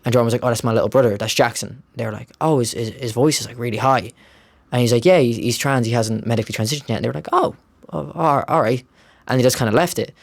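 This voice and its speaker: A young man with a Dublin Irish accent hosts a casual podcast. He rattles through his stories at a quick clip and swears as he goes. The sound is dry and close. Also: medium pitch, vocal fry, no room sound. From Ireland. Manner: storytelling, animated, swears casually. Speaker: podcast host. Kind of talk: casual chat.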